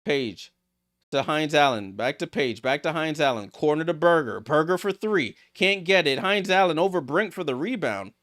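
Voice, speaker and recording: A man hosting a live watchalong stream, calling basketball play-by-play and reacting excitedly to each play. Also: fairly high pitch, moderate pace. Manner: excitable, rattles off passes, reacts aloud. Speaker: watchalong host.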